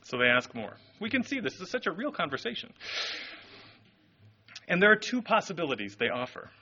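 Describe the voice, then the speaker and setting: A man preaching a sermon, telling the story in an animated, expressive way. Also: on the high side, brisk, breathy edge, highs cut off. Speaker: pastor.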